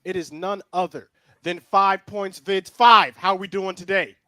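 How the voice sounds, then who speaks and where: High-voiced upbeat man hosting. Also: fairly even intonation, measured pace, sharp tone, dry recording. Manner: upbeat, announcer-like introductions. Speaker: host. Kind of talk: casual sports podcast chat.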